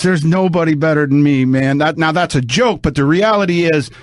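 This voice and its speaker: A man's voice: fairly high pitch, brisk, hardly any pauses, dry recording, studio quality. A man talking casually on a podcast, rambling and swearing, sounding sore and worn out. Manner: rambling, profane, restarts often.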